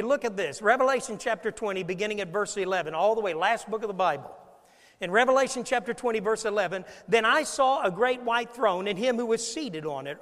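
High-pitched and a bit bright, a man preaches as pastor in a reverberant hall with a long echo. He narrates stories, performs the scenes and turns questions on the people listening.

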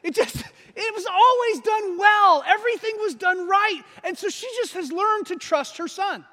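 A man preaching a sermon, animated and laughing often as he acts out quotes. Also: very high-pitched, moderate pace. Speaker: pastor. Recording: long hall reverb.

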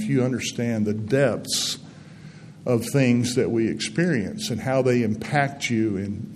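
A man in his sixties, a guest speaker giving a folksy, earnest testimony in a church setting. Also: mid-range voice. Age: 60s. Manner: folksy storytelling, gentle and earnest. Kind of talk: testimony-style sermon. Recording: long reverb in a hall, faint background noise.

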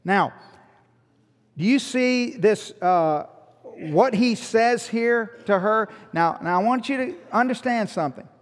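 A man preaching a sermon, animated, with rhetorical questions and joking asides to the congregation. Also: high voice, takes it slowly, big-room sound. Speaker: pastor.

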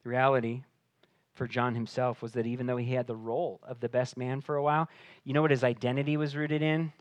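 A man preaching a sermon, swinging between hushed, intimate passages and loud, emphatic declarations. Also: medium pitch, little pitch movement, fast talker, no room sound. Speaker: pastor.

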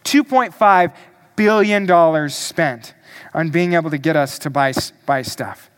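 A male pastor preaching a sermon, emphatic and deliberate, asking the congregation questions. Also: fairly high pitch, a bit bright, smooth.

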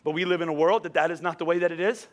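A man's voice: fairly high pitch, racing. A middle-aged man preaching a conversational sermon, asking the congregation rhetorical questions as he goes. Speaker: pastor.

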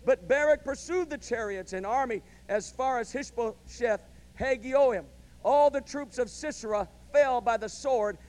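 A male pastor delivering a sermon, telling a story and building to loud, emphatic calls of amen. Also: very high-pitched.

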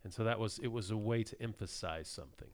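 Smooth-voiced low man, chatty. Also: quick pace. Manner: chatty, self-deprecating. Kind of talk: casual Bible discussion.

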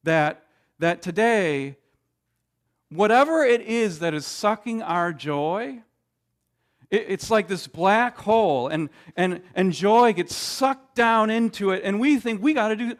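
A man preaching a sermon, emphatic, with dramatic pauses and frequent restarts. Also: sits high. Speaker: pastor.

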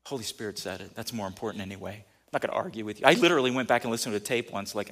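A man's voice: lowish voice, very fast, fairly bright tone. A man preaching a sermon in a conversational way, building to emphatic peaks. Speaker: pastor.

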